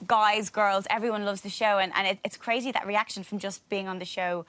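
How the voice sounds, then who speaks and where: A woman's voice: mid-range voice, steady tone, fairly quick, fairly bright tone, clean tone, no echo. An Irish woman from Ireland, a celebrity contestant being interviewed, talkative and giggly. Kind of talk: chatty TV interview.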